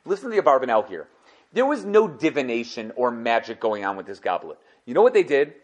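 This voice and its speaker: A young man giving an animated Torah class in a conversational way, often acting out the quoted speakers. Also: medium pitch, quick pace. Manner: lively, conversational, mixes Hebrew and Yiddish study terms, acts out quotes. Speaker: Torah teacher.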